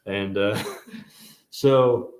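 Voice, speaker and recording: A man teaching a Bible class in a casual, joking way, telling animated stories. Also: lowish voice, very slow, roomy sound, a little hiss or hum.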